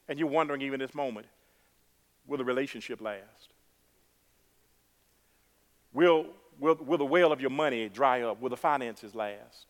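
A man's voice: mid-range voice, moderate pace, pauses often, in a large hall. A man preaching a sermon, repeating words for emphasis and calling the congregation "y'all".

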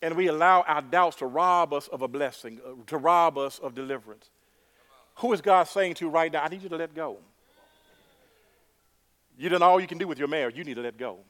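A male pastor preaching a sermon, emphatic and repetitive, building to loud exclamations. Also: on the high side, fairly quick.

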